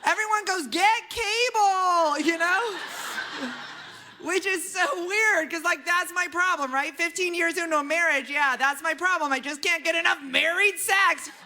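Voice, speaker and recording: Woman comedian, stand-up set, high pitch, bright sharp tone, faint room noise. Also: normal speed. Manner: chatty and animated, many "right?" tags. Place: comedy club stage with a live audience.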